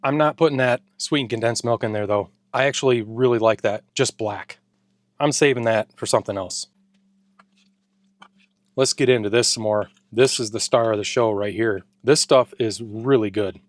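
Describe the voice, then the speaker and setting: A food reviewer's voice sits on the low side and keeps a moderate pace. He's taste-testing a ration pack for a relaxed vlog in his home garage, speaking with enthusiasm and sometimes through a full mouth.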